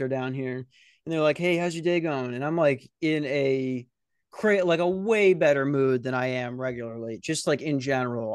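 A young man hosting a podcast, telling rambling, profane stories in a casual, animated way. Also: medium pitch, smooth, dry recording, clean studio sound. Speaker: podcast host. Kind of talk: casual storytelling. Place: security office at night.

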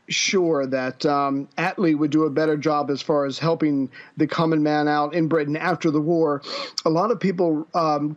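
A man co-hosting a podcast, chatting casually about history and often stopping to restart his sentences. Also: on the high side. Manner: hesitant, many fillers and restarts. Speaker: podcast co-host. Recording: dull lo-fi recording.

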